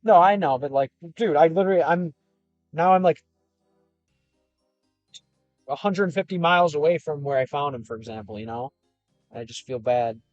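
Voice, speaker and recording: A young man from Chicago talks in a slightly high voice, rambling loosely through viewer comments on a casual livestream from his car. His words sound close and dry, with soft music playing faintly underneath. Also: normal speed, pauses often, dry recording, lo-fi sound. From Chicago, United States. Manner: rambling and loose, with frequent fillers and restarts. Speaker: gaming and language streamer.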